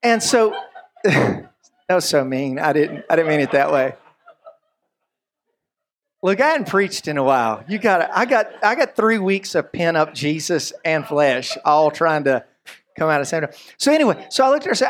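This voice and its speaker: A man giving a sermon as a pastor. He tells stories with lively humor and often drifts into asides. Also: sits high, normal speed. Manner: lively, joking storyteller with frequent asides.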